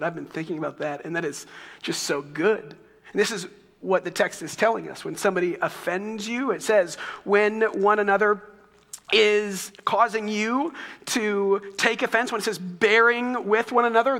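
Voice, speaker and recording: Bright-voiced man preaching in a hall. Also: high voice. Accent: Texan. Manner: conversational, storytelling with asides. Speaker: pastor. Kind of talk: sermon.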